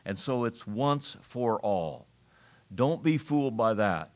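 Emphatic preacher stressing words slowly. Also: male voice, medium pitch, animated. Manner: emphatic, slows down to stress key phrases; reads scripture aloud in old-fashioned wording. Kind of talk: expository sermon.

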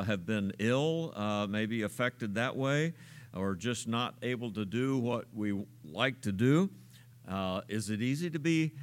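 A man preaching a sermon, unhurried and searching, with frequent filler sounds and rhetorical questions. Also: mid-range voice. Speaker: pastor.

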